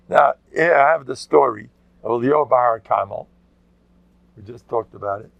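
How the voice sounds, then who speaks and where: An older man, a rabbi, giving a lively Torah class full of jokes and shouted quotes. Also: medium pitch, moderate pace, creaky, no echo. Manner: joking, animated, shouts out quotes, mixes Hebrew and Yiddish words.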